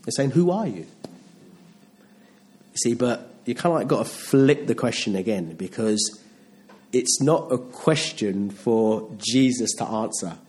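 A man's voice: lowish voice, a little slow, darkish tone. A man preaching a sermon in a conversational style, often restarting phrases and asking rhetorical questions.

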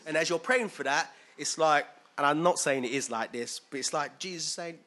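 A man's voice: a little high, moderate pace, pushed and bright. A man giving an informal, conversational sermon, often asking his listeners questions. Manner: conversational, asks listeners questions, acts out quoted voices. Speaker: preacher.

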